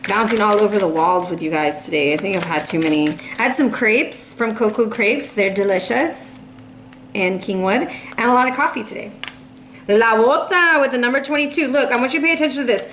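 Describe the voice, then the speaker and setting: A woman's voice: fairly high pitch, brisk, a bit bright, a little hiss or hum. A woman giving a casual, playful tarot reading to camera, a little out of breath. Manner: chatty, playful, sassy asides. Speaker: tarot reader.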